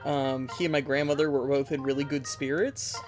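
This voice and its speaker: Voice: medium pitch, flat delivery, brisk, faint music behind. A streamer telling a rambling, giggly story in casual chat with viewers, with many fillers along the way. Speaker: game streamer.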